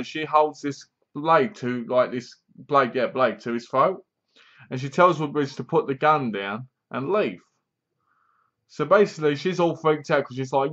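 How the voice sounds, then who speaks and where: A man recapping a horror film's plot in a rambling, casual way, dropping his voice low to quote the characters. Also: animated, unhurried, fairly bright tone, lo-fi sound. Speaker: film reviewer.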